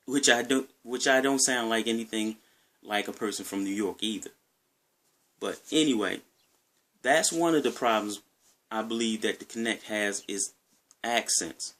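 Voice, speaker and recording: A man's voice: on the low side, normal speed, pauses often, fairly bright tone. A man with a Maryland accent talking casually to his viewers in a rambling, conversational way, often repeating himself. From Maryland, USA. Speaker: gaming vlogger. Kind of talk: casual talk to camera.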